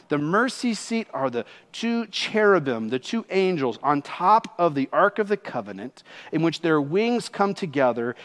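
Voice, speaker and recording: A middle-aged man, a pastor preaching a sermon, slowing down on key words and speeding up in asides. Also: high-pitched. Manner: emphatic preaching, slows for weight and speeds up in asides. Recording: long hall reverb.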